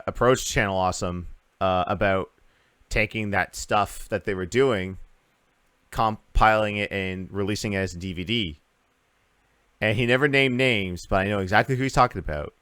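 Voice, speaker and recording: A man with a low, smooth voice hosts a casual gaming podcast. He rambles from topic to topic and drops filler uhs as he thinks aloud. The sound is dry and close. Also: a bit bright, dry recording. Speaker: podcast host.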